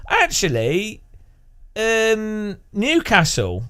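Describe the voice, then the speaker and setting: A man's voice: sits high, pushed and bright, clean tone. A man streaming live, chatting casually with viewers and laughing often. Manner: chatty, laughs often, imitates language rhythms with syllables.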